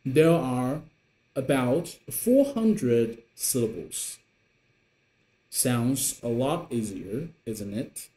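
A man's voice: expressive, dark tone. A man teaching a beginner Mandarin lesson in English, patient and encouraging, showing the tones with his voice. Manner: slow, patient, pitch swinging up and down to show tones. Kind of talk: online language lesson. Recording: echoey room.

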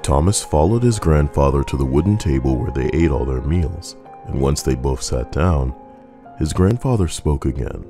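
Male horror storyteller, extremely deep voice, measured and even, soft music behind. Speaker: narrator. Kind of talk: scripted horror story narration.

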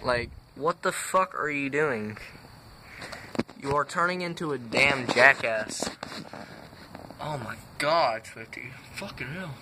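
A man's voice: mid-range voice, lively intonation, slow, pauses often. A young man vlogging in an exasperated, swearing rant, saying dude a lot, his voice cracking. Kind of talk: casual vlog rant. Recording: noisy home-made recording.

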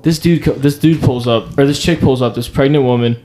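A man's voice: mid-range voice, fairly quick, slight background noise. A young man, a podcast co-host, telling a story in casual chat and saying "dude" a lot. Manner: animated storyteller, slangy, says "dude" a lot.

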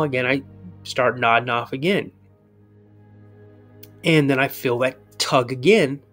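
A man on a podcast telling a personal story in casual talk, acting out his younger self and his father's lines. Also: mid-range voice. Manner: animated retelling, acts out his younger self and his dad.

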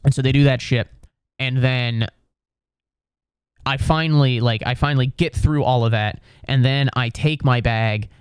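An American man, a young adult comedian, telling a profane comic story in an animated way, full of filler words. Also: mid-range voice, unhurried, clean tone, no echo, clean studio sound. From United States. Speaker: comedian podcast host.

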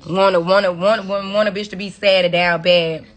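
Streaming from her phone on social media, a woman unleashes an angry, profane, confrontational rant scolding her viewers. Her medium-pitched voice is fairly even in intonation and a little fast.

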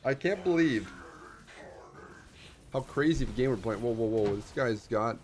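A young man streaming a strategy game, chatting casually in slang and getting hyped, with squealing jumps when excited. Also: medium pitch, normal speed, a little hiss or hum. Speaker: gaming streamer. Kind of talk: casual gameplay commentary.

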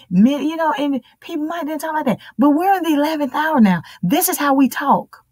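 A woman's voice: a little high, no echo. A woman preaching a sermon in an emphatic, repetitive style, drawing out key phrases.

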